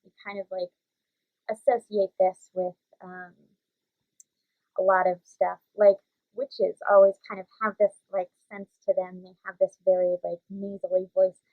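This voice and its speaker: A woman's voice: mid-range voice, flat delivery, unhurried, no room sound. Young woman, kids' theater teacher, chatty, lots of fillers, dry tinny phone-like sound. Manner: chatty, many fillers, demonstrates voices. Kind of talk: casual warm-up lesson for young kids.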